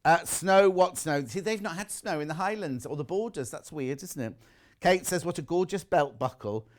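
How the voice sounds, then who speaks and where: A man's voice: fairly high pitch, lively intonation, moderate pace. Chatty male shopping channel host. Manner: chatty, self-mocking, jokey. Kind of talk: live TV shopping chat, reading viewer messages. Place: TV studio.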